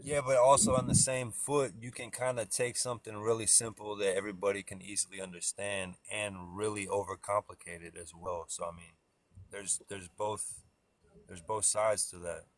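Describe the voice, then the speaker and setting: A man's voice: lowish voice, little pitch movement, normal speed. A man calling into a casual live stream debate, hesitant and informal, often repeating himself.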